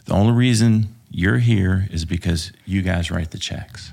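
A man's voice: deep voice, unhurried, creaky, hardly any pauses, darkish tone, slightly rough. A man from Texas, telling war stories as a podcast guest, swearing freely and rambling with lots of fillers. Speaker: podcast guest, former police officer. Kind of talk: casual storytelling interview.

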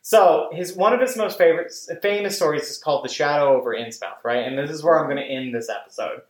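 A casual podcast host who rambles with lots of fillers and swears freely. The voice sits at a middle pitch and carries a roomy echo. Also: fast talker. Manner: rambling, animated, profane, many fillers. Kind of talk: casual chat.

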